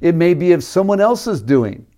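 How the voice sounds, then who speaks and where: A man's voice: fairly high pitch, very animated, moderate pace, mellow. A man preaching a sermon, reading scripture aloud and explaining it with casual asides. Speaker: pastor.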